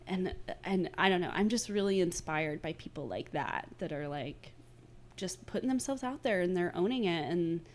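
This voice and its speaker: A woman's voice: fairly low pitch, expressive, moderate pace. A woman guest on a podcast, talking casually and frankly, rambling with lots of fillers. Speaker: podcast guest, wellness co-founder. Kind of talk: casual chat.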